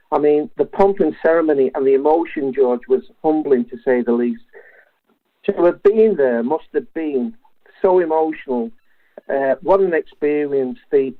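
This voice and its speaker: A man from England, calling in to a talk show, earnest and impassioned. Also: fairly high pitch. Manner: earnest and impassioned, repeatedly addressing the host by name. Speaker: caller. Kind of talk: phone-in call. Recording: tinny phone line.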